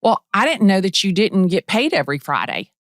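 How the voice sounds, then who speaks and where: A middle-aged woman from the Atlanta area, a real estate agent telling her story in a casual interview, bubbly and animated, acting out quotes. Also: mid-range voice, fairly quick, no echo, clean studio sound.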